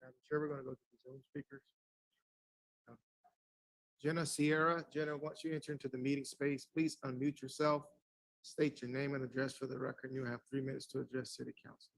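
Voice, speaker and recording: A man's voice: mid-range voice, little pitch movement, fairly quick, poor audio. A man acting as meeting clerk, calling speakers and reading procedure in a routine, businesslike way. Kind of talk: procedural announcements.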